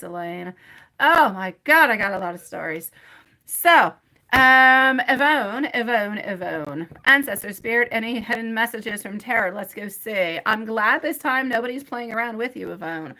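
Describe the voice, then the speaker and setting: A woman's voice: mid-range voice, sharp tone. A woman reading tarot live for her viewers, rambling and chatty, laughing often and calling people by pet names like sweetie and my love. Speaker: tarot reader.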